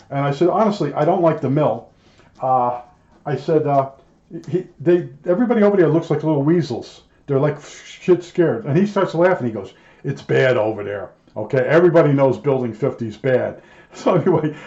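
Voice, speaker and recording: A man's voice: medium pitch, dark tone. An older man telling casual, rambling stories about his old job, full of fillers and restarts. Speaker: storyteller recalling his factory job. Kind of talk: casual spoken memoir. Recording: dull, roomy home recording.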